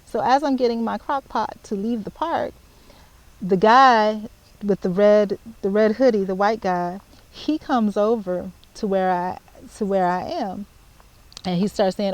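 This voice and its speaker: A woman, telling a story to the camera in casual chat, animated and repeating herself as she spells out details. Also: medium pitch, measured pace, rough recording. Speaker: vlogger.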